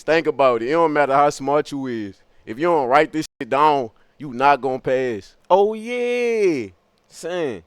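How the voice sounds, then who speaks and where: Smooth-voiced young man riffing profanely. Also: a little high, no room sound, clean studio sound. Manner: profane, musing, animated. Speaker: streamer. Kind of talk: rambling comic stream monologue.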